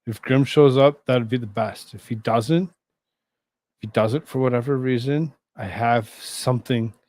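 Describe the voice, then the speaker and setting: A man's voice: medium pitch, steady tone, darkish tone, no room sound. Rambling man chatting on a live stream. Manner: rambling, halting, with many fillers and restarts; talks to chat viewers between asides. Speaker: streamer hosting a live show. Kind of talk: casual live-stream chat.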